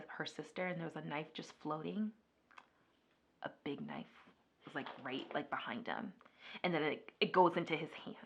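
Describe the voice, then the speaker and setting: A woman vlogger chatting casually through a makeup video, retelling a story in an animated way with lots of filler words. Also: lowish voice, vocal fry. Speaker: beauty vlogger. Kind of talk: casual makeup vlog chat.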